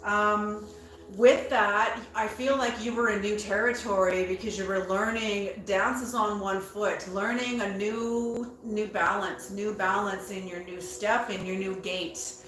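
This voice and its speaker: A woman giving a tarot reading in a slow, musing way, repeating her words and bursting into excitement now and then. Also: medium pitch, roomy sound, slight background noise, poor audio. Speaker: tarot reader.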